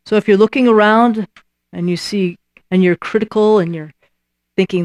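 A woman preaching a sermon with an animated delivery. She acts out quoted voices and repeats key lines for emphasis. Her voice sits in a middle pitch and the sound is dry and close. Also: normal speed, pauses often, dry recording.

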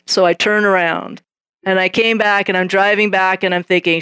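A woman's voice: mid-range voice, normal speed, smooth, no room sound. Woman telling her testimony, acts out the convos, laughs a lot, dry close sound. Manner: lively storytelling, acts out both sides of conversations; laughs often while telling. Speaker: speaker sharing a Christian testimony. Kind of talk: casual spoken testimony.

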